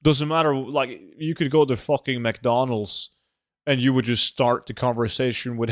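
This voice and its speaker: Man, Norwegian accent, casual rambling streamer talk, swears freely, middle pitch, dry close sound. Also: fairly even intonation, moderate pace, no room sound. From Norway. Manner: loose, swearing, rambling with filler likes. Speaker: gaming streamer and host. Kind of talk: casual chat while gaming.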